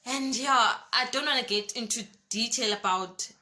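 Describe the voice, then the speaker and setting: A young woman with a South African accent, telling a personal story to her vlog viewers in an expressive way and calling them guys. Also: a little high, moderate pace. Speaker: YouTuber.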